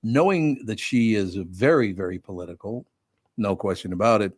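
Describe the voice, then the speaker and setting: A man's voice: fairly low pitch, moderate pace, husky, no room sound, clean studio sound. An older man hosting a radio talk show, chatting casually and candidly, often correcting himself. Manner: rambling, candid, self-correcting.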